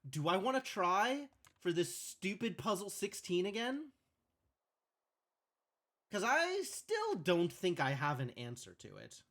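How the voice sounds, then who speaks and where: A man's voice: sits high, wildly swooping pitch, takes it slowly, fairly bright tone. Musing male game streamer. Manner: thinking aloud, musing. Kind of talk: live game commentary.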